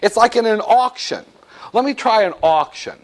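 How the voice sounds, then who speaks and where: A man's voice: high-pitched, normal speed. A man teaching business law to a class, joking and acting out little scenes as he lectures. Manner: animated, jokey, acts out little scenes.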